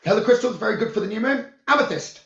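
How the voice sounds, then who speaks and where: A man who works as a psychic medium, giving calm, soothing spiritual guidance about the new moon, crystals and journaling. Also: sits high, rapid-fire. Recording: roomy, dull lo-fi sound.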